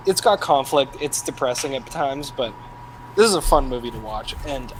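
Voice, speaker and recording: A man's voice: medium pitch, lively intonation, normal speed, rough recording. Chatty man over background noise. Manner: chatty, peppered with "like". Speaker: podcast co-host. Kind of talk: casual film discussion.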